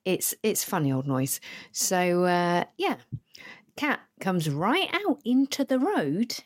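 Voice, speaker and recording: A woman hosting a solo podcast, telling wry, sweary stories about her day. Her pitch swings widely and lively, and she slips into little acted-out voices for the people she quotes. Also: slow pace. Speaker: podcast host. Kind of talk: casual solo podcast storytelling.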